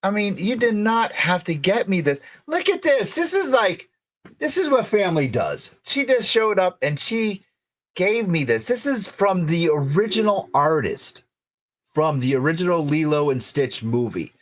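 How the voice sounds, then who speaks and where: Excitable rambling male podcast host. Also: sits high, a little slow. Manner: excitable, rambling, lots of restarts. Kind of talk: casual live-stream chat.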